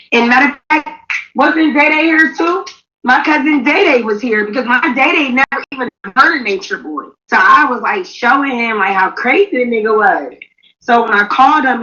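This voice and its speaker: A woman's voice: fairly high pitch, pushed and bright. A woman from New Jersey, a guest on a livestream, talking in a blunt, emphatic, indignant way. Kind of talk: heated casual chat. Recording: muffled stream audio.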